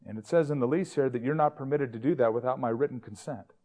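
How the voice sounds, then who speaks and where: A stern male landlord, voiced by a man in a sermon, lays out his complaints in a flat, matter-of-fact way. The voice stays close to the speaker's own natural middle register. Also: medium pitch, fast talker, lightly acted.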